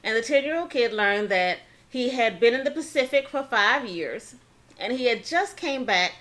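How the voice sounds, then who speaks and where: A woman's voice: fairly high pitch, lively intonation, fairly bright tone. Chatty woman telling a story between bites. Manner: chatty, acts out quoted dialogue; pauses to spell out words. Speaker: channel host telling a history story. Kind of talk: casual story time while eating.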